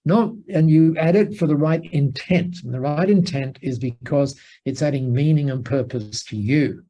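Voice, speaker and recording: A man being interviewed as a business mentor, telling an animated anecdote full of asides and restarts. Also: a little high, moderate pace, highs cut off. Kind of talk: conversational storytelling interview. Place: lives in Singapore.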